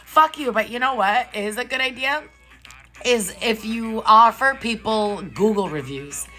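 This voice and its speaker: A woman live streaming from a hotel room, ranting casually and profanely to her viewers in an incredulous, animated way. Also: on the high side, measured pace, soft background music. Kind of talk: casual chat.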